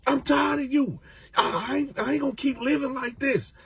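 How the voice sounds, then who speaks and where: A man's voice: extremely high pitch, steady tone, moderate pace, creaky, dry recording, pitched above the performer's own voice. A man voicing a whiny, pleading young male prison inmate. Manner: whiny, complaining.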